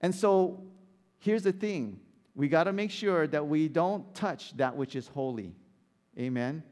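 A man preaching a sermon as pastor, animated and asking the congregation rhetorical questions. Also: a little high, a little slow, long reverb tail.

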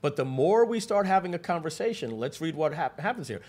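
A man presenting a live webinar, telling stories with lively asides to the audience and frequent restarts. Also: fairly high pitch, quick pace, few pauses, husky.

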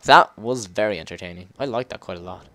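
A man giving an excitable, cursing commentary while playing a video game, breaking into loud yells. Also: fairly low pitch, quick pace, slight background noise. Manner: excitable, swears, bursts into yells. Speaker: gameplay video host. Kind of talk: let's play commentary. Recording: game music clearly behind the voice. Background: game music and sound effects.

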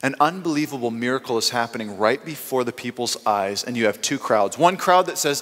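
A male pastor preaching a sermon, telling stories with lively swings between loud bursts and quiet asides. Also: medium pitch. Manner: animated storytelling with quick swings in loudness. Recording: long hall reverb.

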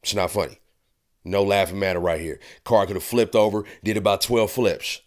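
A man's voice: on the low side, moderate pace. A man hosting a casual commentary vlog, rambling, profane and chiding, with frequent laughs. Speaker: host.

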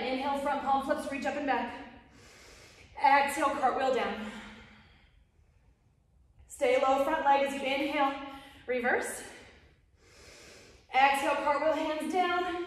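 A woman teaching a live yoga class, cueing each move in brief phrases timed to the breath while she does the moves herself and ends up out of breath. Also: high-pitched. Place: home room, livestreamed class. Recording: echoey room, voice from far off.

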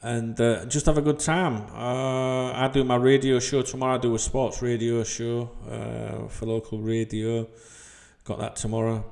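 Bloke in his 40s ranting at his camera, swears loads, rambles, mid-pitched voice, small white-walled room. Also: level tone, measured pace, vocal fry, darkish tone. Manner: heated, sweary, rambling, keeps asking "you know what I mean". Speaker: football channel host.

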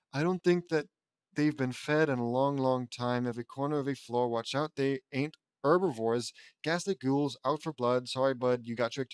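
A man's voice: medium pitch, clean tone, no echo, lightly acted. A man reading as a rocker girl's spooky song. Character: teenage rocker girl singing a spooky song.

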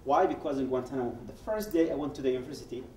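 A man from Yemen, appearing as a guest speaker at a public event, recounts his personal testimony as a story, acting out the dialogue he quotes and frequently restarting sentences. His medium-pitched voice is very fast and darkish, with slight background noise. He's recorded in a roomy event hall, standing far from the mic.

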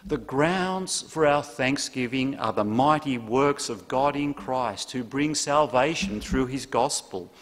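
Aussie pastor preaching, slow and earnest, long echo of a church hall. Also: male voice, mid-range voice. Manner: earnest, measured preaching with emphatic pauses. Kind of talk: sermon.

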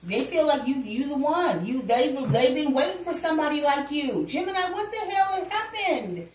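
Woman, tarot reader, casual chatty delivery, higher voice, recorded at a distance from the mic. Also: sing-song, normal speed, a little hiss or hum. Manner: chatty, exclaiming, addresses listeners directly. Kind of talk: casual tarot reading to viewers. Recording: echoey room, voice off-mic.

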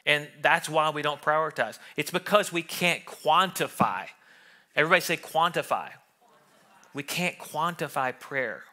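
A man preaching a sermon in a church room, animated and acting out what people think and say. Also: fairly high pitch, unhurried. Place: church sanctuary.

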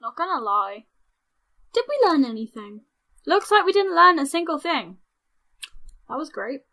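Young woman, gaming host; high, very bright, lively voice with big swings, unhurried pace. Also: low-quality recording. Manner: excitable, squealing and shouting at game events. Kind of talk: let's play commentary.

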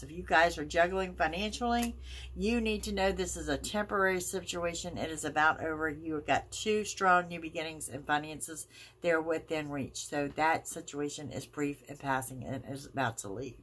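A woman's voice: deep voice, fairly bright tone, a little hiss or hum. A woman giving a weekly tarot reading as host, talking the viewer through each card in a reassuring, emphatic way. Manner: reassuring, emphatic, drawn-out phrasing. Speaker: tarot reader.

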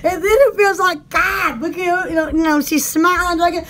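A woman hosting a casual live-stream shopping chat, excitable and giggly, often humming, cooing and blowing kisses to viewers. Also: very high voice, fairly quick.

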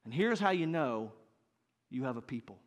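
A man in his fifties preaching a sermon as pastor, earnest and building to loud, emphatic bursts. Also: medium pitch, very animated, normal speed. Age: 50s.

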